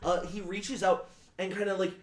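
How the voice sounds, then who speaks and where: High-voiced halting game master. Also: male voice, flat delivery. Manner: halting, full of fillers and restarts. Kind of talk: narrating a tabletop game. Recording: echoey room, distant mic.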